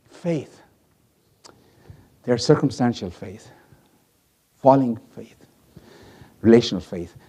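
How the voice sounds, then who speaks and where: Animated husky-voiced male preacher. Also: medium pitch, very slow, long pauses. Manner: animated, swings from hushed to loud, acts out voices. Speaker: pastor. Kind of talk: sermon.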